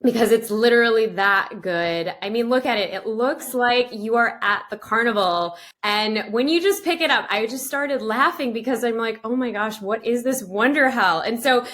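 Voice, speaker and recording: A woman's voice: on the high side, moderate pace, hardly any pauses, a bit bright. A woman hosting a podcast, talking in a casual, enthusiastic way and praising her guest. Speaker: podcast host. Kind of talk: casual interview chat.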